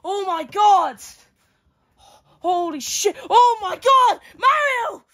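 A woman giving excitable play-by-play fight commentary, full of exclamations and counts. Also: very high voice, slow pace.

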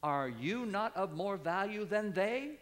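A man in his sixties preaches a sermon, his slightly high voice climbing to emphatic peaks before dropping back low. His words ring with the long reverb of a church sanctuary. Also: expressive, a little slow, a bit bright. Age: 60s. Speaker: pastor.

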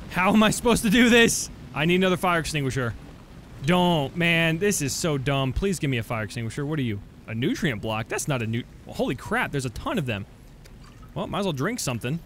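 A young man commenting on a game he is playing, his voice sitting a bit high and swinging widely as he reacts. He gets loud and swears when something surprises him, then settles back into chatter. Faint game noise runs under his talk. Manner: excitable, bursts into shouts of surprise, swears freely. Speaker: let's play host. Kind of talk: gameplay commentary.

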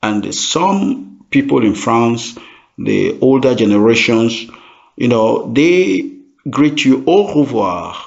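Slow gravelly-voiced man teaching a lesson. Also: mid-range voice, expressive. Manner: slow, repeats each phrase carefully. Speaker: French teacher. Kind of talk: language lesson. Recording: dull lo-fi sound.

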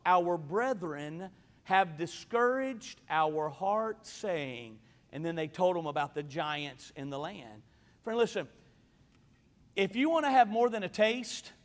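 A man preaching a sermon in a church, fervent and repeating himself for emphasis. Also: very high-pitched. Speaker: pastor. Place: church sanctuary. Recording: long reverb of a church hall.

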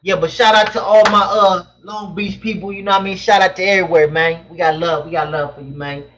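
On a casual live stream, a young Southern Californian host with a high, somewhat bright voice reads chat questions aloud and answers in loose slang, speaking briskly with fairly even intonation. His webcam mic yields dull, lo-fi audio with a little hiss or hum.

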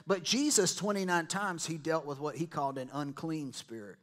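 A male pastor preaches a sermon in a church. His voice sits a little high for a man. He talks to the congregation like he is chatting with them, breaks into side stories and plays out what people said. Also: moderate pace, fairly bright tone. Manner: conversational preaching with asides and quoted voices.

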